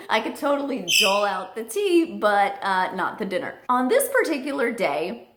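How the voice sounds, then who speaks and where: A woman's voice: medium pitch, a bit bright. A woman from the United States telling a casual family story in a chatty way, full of "like". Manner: chatty, filler-heavy with frequent "like". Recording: roomy echo.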